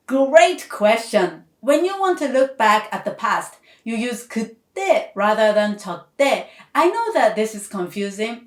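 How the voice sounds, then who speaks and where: A woman language teacher giving a scripted grammar lesson, explaining each point clearly and patiently. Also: a little high. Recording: echoey room.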